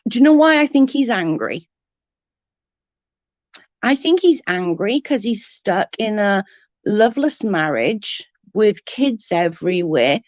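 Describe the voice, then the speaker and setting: A woman's voice: medium pitch, lively intonation, slow, no room sound. A woman, ranting bluntly and mockingly as an online commentator, full of profanity. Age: 30s. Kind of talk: ranting live-stream chat.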